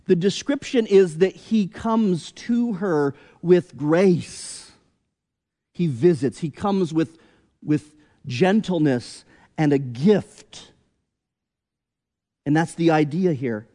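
A man preaching a sermon as pastor, deliberate and emphatic, with rhetorical questions. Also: on the high side, warm tone, big-room sound.

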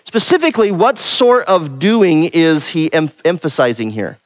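A man's voice: on the high side, animated, moderate pace, dry recording. A middle-aged man preaching a conversational sermon, often stopping to ask questions and add "right?". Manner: conversational, asks the room questions, frequent "right?". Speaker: pastor. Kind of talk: interactive sermon teaching. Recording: dull, lo-fi sound.

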